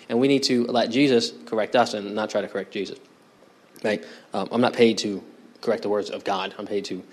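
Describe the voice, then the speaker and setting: A man preaching a conversational sermon at an ordinary pitch. He keeps putting questions to his congregation and pushing them to answer. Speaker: pastor. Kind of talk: expository sermon.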